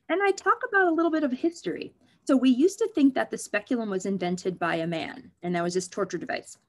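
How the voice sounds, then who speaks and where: On an interview show, a female OB/GYN discusses her work with frank, animated humor. She speaks quickly at a medium pitch, keeping things conversational and joking.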